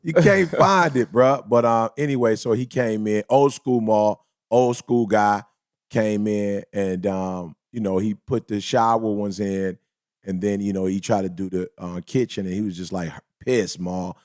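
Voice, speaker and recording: A man co-hosting a casual podcast chat, telling stories in a lively, slangy way and acting out other people's lines. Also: on the low side, unhurried, dry recording, clean studio sound. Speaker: podcast co-host.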